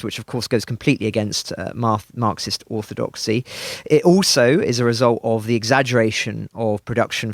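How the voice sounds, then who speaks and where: A man with a middle-pitched voice gives analytical podcast commentary, emphatic and deliberate. His delivery is dry and close, and he leans hard on key words as he reasons. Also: no echo.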